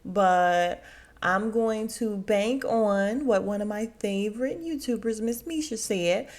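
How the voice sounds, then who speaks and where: Woman, young adult, podcast host, casual recap, laughing, animated quotes. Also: medium pitch, slow pace. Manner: chatty, laughing, acts out quotes with big swings. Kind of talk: casual chat.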